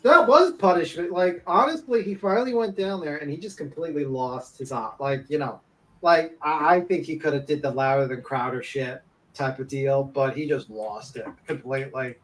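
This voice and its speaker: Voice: medium pitch, moderate pace. A speaker in a casual panel chat, talking bluntly and opinionatedly, swearing freely and laughing often.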